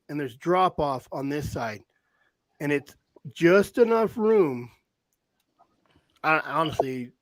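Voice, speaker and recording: Animated storytelling man, dry close sound. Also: a little high, no room sound. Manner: rambling, animated storyteller with frequent restarts. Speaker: podcast host, hound hunter. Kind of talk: casual storytelling chat.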